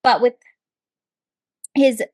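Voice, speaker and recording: A young woman co-hosting a podcast, reading out a listener's story and reacting in casual chat with frequent laughs. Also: no echo. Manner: expressive, laughs often, quick reactions. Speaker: podcast co-host.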